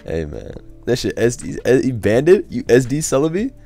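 Laughing, cursing and trash-talking, a young streamer gives relaxed live commentary over his own competitive game. His gravelly, dark voice is mid-range with huge pitch swings at a normal speed, and faint music plays in the background.

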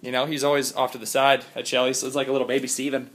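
A man chatting in a rambling, jokey vlog from his house, still sick, swinging from loud outbursts to mumbles. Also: mid-range voice, flat delivery, very fast. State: sick, congested. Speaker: vlogger. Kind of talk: casual vlog chat.

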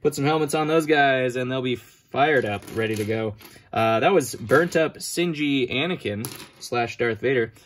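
A man's voice: mid-range voice, moderate pace, a little hiss or hum. Chatty man narrating a toy haul. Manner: chatty, self-mocking, sorting items while talking. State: standing for a long time, back sore. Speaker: toy collector vlogger. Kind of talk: casual unboxing commentary.

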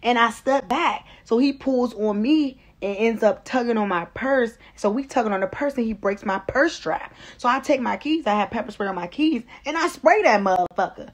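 A young woman telling a comedic storytime in a brash, profane, animated way, acting out the voices of the people in her story. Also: on the high side, moderate pace, few pauses.

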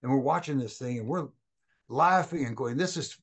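Middle-aged male guest, storyteller energy, does quick voices for the people in his stories. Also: mid-range voice, breathy edge. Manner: animated anecdotes, acts out quoted voices. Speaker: former wrestling referee, guest. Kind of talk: storytelling in a casual interview.

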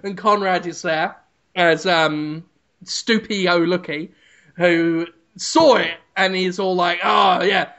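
A man from the UK co-hosting a comedy podcast in a slow, bright voice. He rambles and loses his words as he builds a joke. The recording is a bit dull and lo-fi. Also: sits high, steady tone. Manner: rambling, meandering storytelling. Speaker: podcast co-host. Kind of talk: casual comedy podcast chat.

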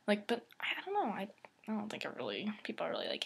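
A woman's voice: on the high side, sing-song, brisk, breathy edge. A teenage girl vlogging casually to her camera, rambling and giggly, often dropping into a whisper. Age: teens.

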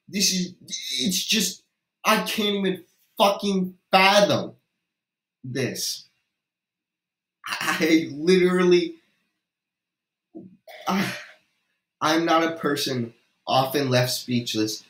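Male game commentator, slow, dramatic, incredulous ranting, profane, echoey room. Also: on the high side, expressive, pushed and bright. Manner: incredulous, exasperated, swearing and dramatic. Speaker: video creator. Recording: roomy echo.

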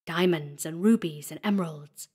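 A woman's voice: low-pitched, normal speed, a little mellow, breathy edge. A woman voicing a terrified thieving male sexton who babbles and shrieks in panic as he flees. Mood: greedy babbling.

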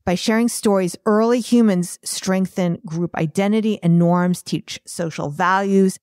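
A woman's voice: medium pitch, steady tone, measured pace, darkish tone, dry recording, studio quality. A woman hosting her own podcast, a chatty and self-deprecating art business coach talking solo.

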